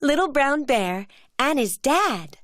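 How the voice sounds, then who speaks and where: A woman telling a children's cartoon story as narrator, in a gentle storybook manner. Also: high-pitched, very animated, takes it slowly, dry recording.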